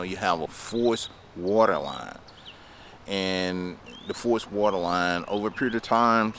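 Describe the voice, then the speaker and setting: A man's voice: on the low side, fairly bright tone, slight background noise. A man telling lawn care stories to his viewers in a chatty, laughing way. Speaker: lawn care business owner. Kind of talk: casual storytelling vlog.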